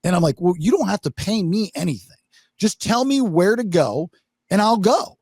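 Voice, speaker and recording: A man hosting a podcast, telling stories in a lively way and acting out what people said, with some swearing. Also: high voice, normal speed, breathy edge, dry recording, studio quality. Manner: animated storytelling, swearing, acts out quotes. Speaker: podcast host. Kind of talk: casual podcast chat.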